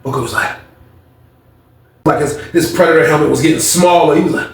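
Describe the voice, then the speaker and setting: A high-voiced man tells a story in loose, casual slang. He jumps into the voices of everyone in it. The recording rings with a roomy echo. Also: a little fast, recorded from a distance. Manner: animated, slangy, acts out every voice.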